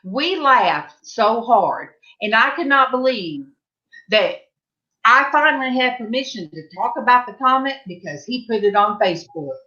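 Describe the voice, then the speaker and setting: Animated, bright-voiced woman telling a story. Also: a little high, unhurried, muffled recording. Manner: animated, laughing while telling a funny family story. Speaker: host. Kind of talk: casual storytelling on a livestream panel.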